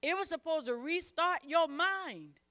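A woman's voice: very high-pitched, lively intonation, a little slow, pushed and bright. A woman preacher delivering a sermon, emphatic and repetitive, calling on the congregation to repeat after her. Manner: emphatic, repeats phrases, calls on the congregation to respond.

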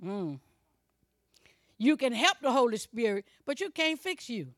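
A woman's voice: a little high, big pitch swings, measured pace, fairly bright tone, dry recording, studio quality. A woman preacher delivering a sermon, fervent and colloquial, calling out exclamations and speaking straight to her congregation. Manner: fervent, calls out exclamations between points.

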